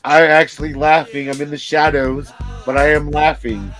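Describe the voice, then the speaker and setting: A man's voice: fairly high pitch, level tone, normal speed, a bit bright, faint music behind. A male podcast co-host in casual chat, rambling, swearing and joking.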